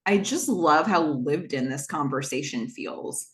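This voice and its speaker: A woman's voice: sits low, animated, measured pace, a bit bright. A woman hosting a podcast, chatting enthusiastically as she recaps a TV episode and acts out bits of its dialogue. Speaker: podcast host.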